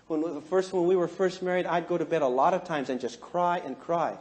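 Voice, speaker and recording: A middle-aged man with a fairly high voice holds a seminar audience with humorous stories. He mocks himself and jumps between quiet, sincere asides and loud, animated bursts. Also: a little fast, hardly any pauses. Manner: animated, jokey, self-mocking, swings from hushed to loud. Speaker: counselor giving a seminar talk. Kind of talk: humorous storytelling to a live audience.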